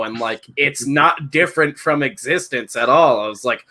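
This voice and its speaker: A man in his thirties talking in a loose, rambling way, swearing freely and laughing through his own stories. His voice sounds bright and forward. It has the easy feel of a casual podcast chat. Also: mid-range voice, normal speed. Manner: rambling, profane, laughs while telling stories. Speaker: podcast co-host.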